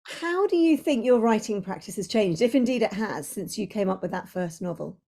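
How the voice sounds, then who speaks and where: A woman's voice: medium pitch, expressive, normal speed, warm tone. A woman interviewer asking eager questions about a writer's books and characters.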